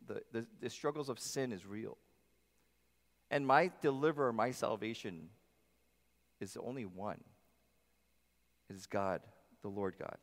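Emphatic male pastor in a reverberant hall. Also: medium pitch. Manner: emphatic, swinging between loud and soft. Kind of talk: sermon. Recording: long reverb of a large hall.

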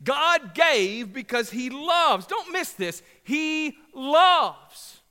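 A man's voice: extremely high pitch, sing-song, drawn-out words, bright, forceful tone, in a large hall. A man preaching a sermon to a congregation, passionate and emphatic, with repeated phrases and asides that joke with the crowd. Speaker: pastor. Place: church sanctuary.

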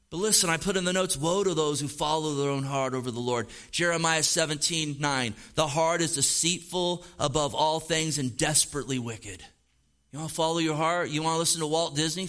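A man's voice: a little high, pushed and bright. A man preaching a sermon as pastor, emphatic and casual, with slang.

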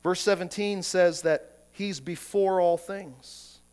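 A male pastor delivers a sermon in a fairly high voice, taking his time over each phrase. He preaches emphatically, asking rhetorical questions and stumbling over repeated words as he builds his point. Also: takes it slowly, a little mellow, smooth.

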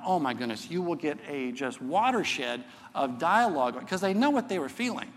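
A middle-aged man teaches a church crowd in an easy, earnest sermon, tossing in "okay?" as he makes each point. His voice sits a little high. It carries with a long reverb, as in a large church auditorium. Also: animated, fairly quick, hardly any pauses.

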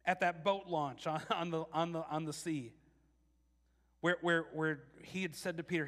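A man preaching a casual, animated sermon, restarting phrases often and acting out quotes. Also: a little high, a little slow, in a large hall. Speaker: pastor.

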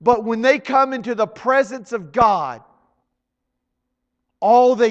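High-voiced preacher in a reverberant church. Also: male voice, takes it slowly, pauses often. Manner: swings from hushed to shouted, dramatic emphasis. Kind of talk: sermon. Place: church hall. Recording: long hall reverb.

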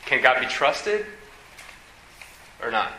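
A male preacher works through scripture, reading passages aloud and then stopping to question them in an animated way. His tone is very bright and forward. The room around him is echoey, with a faint hiss underneath. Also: medium pitch, slow. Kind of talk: expository sermon reading scripture.

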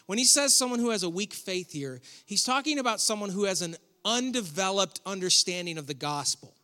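A man's voice: high voice, lively intonation, brisk, bright, forceful tone, big-room sound. A man preaching a sermon as pastor in a church, conversational and joking, with sarcastic asides. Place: church hall.

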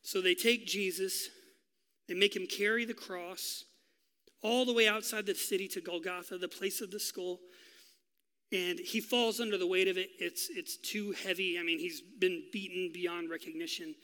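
A male pastor preaching a sermon, telling a story with drama and dropping to a hush for key lines. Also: high voice, steady tone, moderate pace, clear, resonant tone, long reverb tail. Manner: dramatic storytelling, swinging from loud to hushed.

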